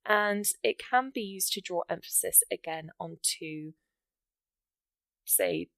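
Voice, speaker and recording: A woman's voice: on the low side, slow pace, gravelly, a bit bright, no echo. A woman teaching English writing for an exam, walking through example sentences step by step in an encouraging way. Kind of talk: explaining writing exam grammar.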